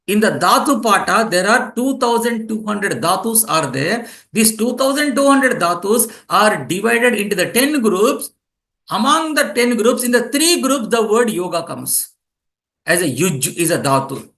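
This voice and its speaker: A man teaching a class, explaining slowly and repeating key phrases for students taking notes. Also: high-pitched, expressive, creaky, a bit bright. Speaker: yoga teacher. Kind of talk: classroom lecture.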